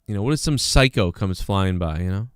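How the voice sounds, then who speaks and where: Rambling, smooth-voiced male livestream host. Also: deep voice, expressive, fairly quick, no echo, clean studio sound. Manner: rambling, many fillers and restarts; sarcastic, mocking. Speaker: livestream host reading chat. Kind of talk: casual livestream commentary.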